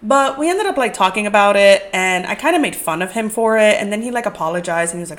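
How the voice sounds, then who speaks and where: A woman's voice: mid-range voice, animated. Chatty, profane young woman podcaster. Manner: candid, profane, fast-paced rambling with lots of "like". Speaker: podcast host. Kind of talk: casual storytelling podcast.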